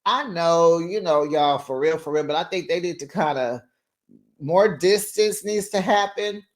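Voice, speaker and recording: A woman hosting a casual reality TV recap, sassy and animated, talking straight to her viewers. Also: fairly low pitch, a little slow. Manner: sassy, animated, talks straight to viewers with slang like "child" and "honey".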